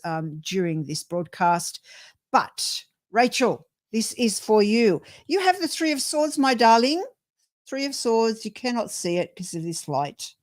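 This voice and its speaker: A woman's voice: mid-range voice, no echo, studio quality. Chatty Australian woman reading tarot. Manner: chatty and rambling, full of fillers, calls viewers darling and sweetheart. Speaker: tarot reader, co-host. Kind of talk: live-stream tarot reading.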